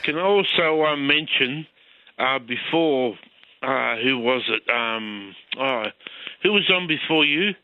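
A man's voice: mid-range voice, takes it slowly, no room sound. Male caller on a dull line. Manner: relaxed, hesitant with ums. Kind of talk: casual phone-in chat. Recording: dull phone-line sound.

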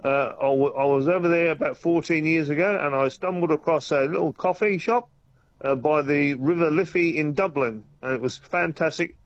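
An Australian man calls in to a radio show in a friendly, upbeat manner. His slightly high voice sounds dry and close, but comes through a somewhat dull, muffled phone line. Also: normal speed, no room sound. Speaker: caller. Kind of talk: casual phone chat.

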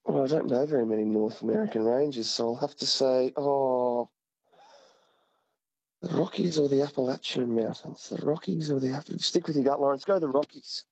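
A man calling in to a radio quiz, politely thinking his answers through out loud. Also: mid-range voice, normal speed, creaky, husky. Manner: polite, musing aloud. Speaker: caller. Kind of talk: phone-in conversation. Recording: muffled phone-in line.

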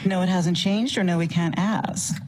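A woman's voice: fairly low pitch, steady tone, normal speed, heavy background noise, natural voice. An actress playing a woman sharply questioning a detective, in a film clip. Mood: indignant. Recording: film clip with loud score.

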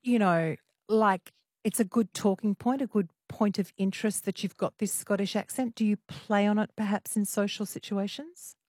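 A woman hosting a radio phone-in show and asking callers quick, chatty questions. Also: mid-range voice, steady tone, a little mellow, no echo, studio quality. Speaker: radio host. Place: radio studio.

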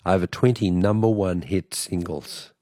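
A croaky Australian man hosting late-night radio, his voice sitting very low and recorded dry and close in the studio. He chats in a rambling, self-deprecating way with plenty of fillers. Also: unhurried, mellow, no echo. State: croaky voice from a cold. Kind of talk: casual radio talk. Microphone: studio microphone.

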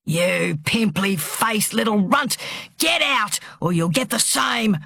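A man's voice: sits high, expressive, unhurried, sharp tone, husky, heavily acted. A woman voicing a huge, brutal father who bellows abuse in a storybook reading. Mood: raging. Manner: bellowing, abusive.

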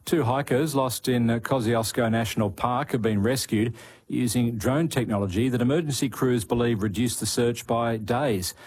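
A man reading radio news bulletins in a measured scripted way. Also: medium pitch, a little mellow, slightly rough. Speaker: news presenter.

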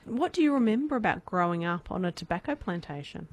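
A woman's voice: fairly low pitch, expressive, fast talker, a little mellow, no room sound. A woman interviewer asking brief, probing questions in an oral history interview.

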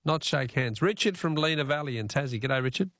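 An Australian man hosting a talkback radio quiz, chatty and quick to laugh, repeating his question to callers. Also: on the high side, expressive, fairly bright tone, no echo, studio quality. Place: radio studio. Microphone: studio mic.

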